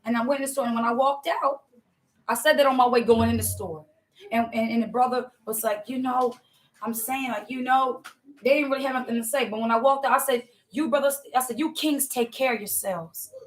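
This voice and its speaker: Woman preacher, high voice, fervent testimony, talks straight to the congregation. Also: fairly even intonation, a little fast, slight background noise. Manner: fervent, repetitive, addresses listeners as y'all. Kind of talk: impassioned testimony sermon.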